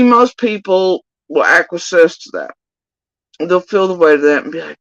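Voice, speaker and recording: A woman hosting reaction commentary, talking in a scornful, mocking way with sudden high-pitched jabs. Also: animated, measured pace, no room sound, dull audio. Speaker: commentary host.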